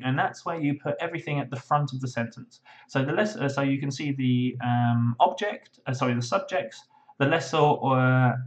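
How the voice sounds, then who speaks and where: A man's voice: medium pitch, muffled recording. Man teaching a writing webinar. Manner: explanatory, thinks aloud with frequent fillers. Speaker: legal English teacher. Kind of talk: webinar lesson.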